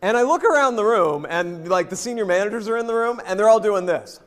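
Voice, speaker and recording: Animated high-pitched male speaker, echoey hall. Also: a little fast. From American South. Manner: lively, jokey, addresses the audience directly. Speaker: leadership speaker. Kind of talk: animated presentation storytelling. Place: hotel event hall. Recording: long reverb in a hotel hall.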